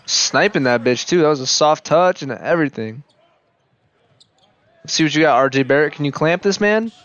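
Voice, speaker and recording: Hyped young man reacting to highlights. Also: lively intonation, moderate pace, fairly bright tone, dry recording, dull audio. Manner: hyped, profane, talks to the players on screen. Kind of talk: casual reaction commentary.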